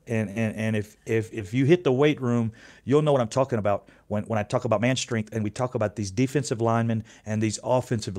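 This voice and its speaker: A man about fifty hosting his own sports fan channel, talking casually in a rambling, profane way, often restarting his sentences. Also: mid-range voice. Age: 50s. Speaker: YouTube sports channel host.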